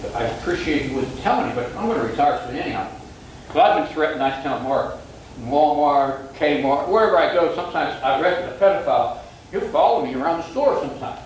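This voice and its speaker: A man's voice: on the high side, slight background noise. Older man telling a police story in an echoey room. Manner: retells dialogue, acting out voices of judges and attorneys. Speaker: police sergeant speaking to a club. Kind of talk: anecdotal storytelling talk.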